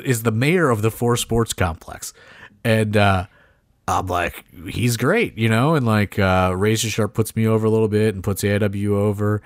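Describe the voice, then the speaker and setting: A man's voice: on the low side, no echo, studio quality. A man, a wrestling promoter, telling a story on a podcast in a rambling, profane way, full of "like" fillers and laughing as he goes.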